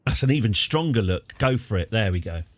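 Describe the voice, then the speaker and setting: A man's voice: lowish voice, expressive, brisk. A man streaming a strategy game live, chatting with jokey asides.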